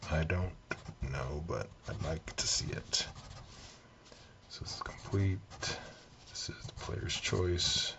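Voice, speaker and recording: Very deep gravelly man, noisy recording. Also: takes it slowly, pauses often, dull audio. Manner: meandering, relaxed, thinking aloud. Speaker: game collector. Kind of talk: soft-spoken collection chat.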